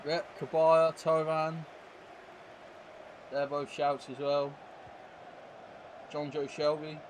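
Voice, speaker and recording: A man's voice: fairly high pitch, little pitch movement, takes it slowly, slight background noise. A man chatting casually while live-streaming a football video game, rambling and full of tag questions.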